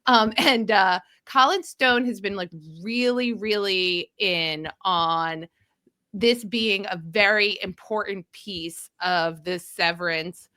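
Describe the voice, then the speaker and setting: A woman's voice: medium pitch, takes it slowly, dry recording, clean studio sound. A woman from the mid-Atlantic US hosting a podcast, chatting casually and laying out a theory at length. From mid-Atlantic region of the US. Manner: animated, laughing, theorizing at length. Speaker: podcast host.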